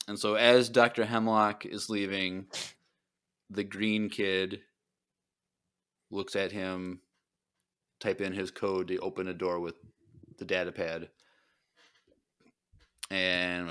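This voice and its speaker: A man co-hosting a podcast, recapping an episode in casual chat and acting out the characters' lines in quick put-on voices. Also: deep voice, clean tone. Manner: animated retelling with quick voiced impressions. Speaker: podcast co-host.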